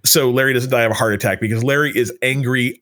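A man's voice: mid-range voice, fairly even intonation, fast talker, a bit bright. A man co-hosting a casual chat, rambling with many restarts and fillers. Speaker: podcast co-host.

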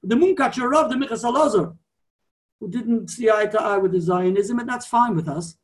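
A man's voice: sits high, moderate pace, far from the mic. A man teaching a Torah class in an explanatory, digressive way, often repeating himself.

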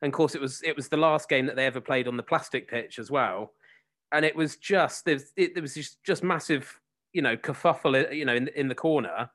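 A man co-hosting who retells a match in casual chat, excited and rambling. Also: medium pitch, a little fast.

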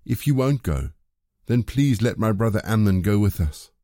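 A man's voice: lowish voice, lively intonation, moderate pace, mellow, dry recording, clean studio sound, natural voice. A man reading as a scheming young prince. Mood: pleading.

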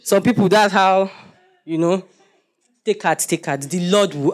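A young man preaching a sermon, animated and joking as he quizzes the congregation. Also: on the high side, normal speed.

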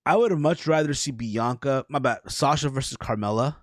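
A man's voice: medium pitch, fairly quick, dry recording, studio quality. A man co-hosting a wrestling podcast, talking loosely and rambling, with lots of swearing and "bro". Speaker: podcast co-host. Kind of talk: casual wrestling chat.

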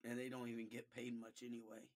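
A man speaks with heavy emotion, his voice mid-pitched and catching now and then. He talks earnestly in short halting phrases, often starting over and repeating himself as he presses his point. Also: monotone, creaky, darkish tone. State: emotional, voice breaking at times. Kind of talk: emotional personal monologue.

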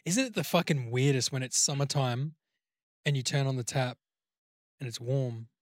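An Australian man co-hosting a podcast in lively casual chat, swearing freely and breaking into put-on voices. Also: mid-range voice, normal speed, no room sound, clean studio sound. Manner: animated, swearing, puts on voices. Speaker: podcast co-host.

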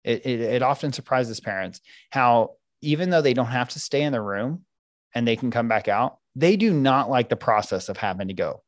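A middle-aged man talks through parenting tools with a lively, swinging pitch, and his voice sits close and dry on the mic. He often slips into short acted lines as a parent or a child. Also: moderate pace, no room sound. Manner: animated, acts out parents and kids in quoted voices. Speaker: parenting coach guest. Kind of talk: podcast interview explaining parenting techniques.

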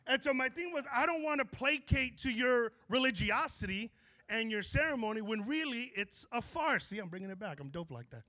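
A man preaching a sermon in a lively, joking way full of slang. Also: extremely high pitch. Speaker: pastor.

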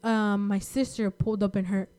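Young woman with a smooth voice. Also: mid-range voice, normal speed. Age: young adult. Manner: rambling animated storytelling. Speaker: storyteller. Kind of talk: casual chat.

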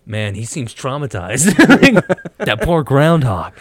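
A young American man co-hosting a casual comedic chat, riffing quickly and laughing often. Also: mid-range voice. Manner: animated, joking, quick riffs, frequent laughter. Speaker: podcast co-host.

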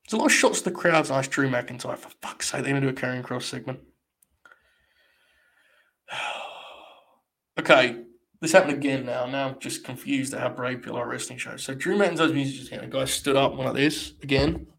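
A man's voice: medium pitch, fairly even intonation, a little fast, gravelly, long pauses, a bit bright. A young man hosting a live watch-along stream, talking in a mock-grandiose, rambling way full of swearing.

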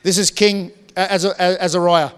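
Preaching in a church hall whose long reverb carries through the sound, this pastor speaks with a fairly high voice, a flat delivery, moderate pace, and clean tone. He stays conversational, often restarting sentences and tossing asides to the congregation.

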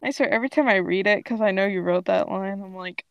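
A woman's voice: mid-range voice, fast, gravelly, smooth, no room sound, highs cut off. A woman co-hosting a podcast, chatting casually and reading a story aloud in a giggly, filler-heavy way. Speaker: podcast co-host.

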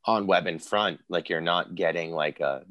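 Casting: very low male voice, loose rambling podcast talker, dry close sound. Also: moderate pace, no room sound, dull audio. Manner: rambling, heavy on filler words. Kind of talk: casual music discussion.

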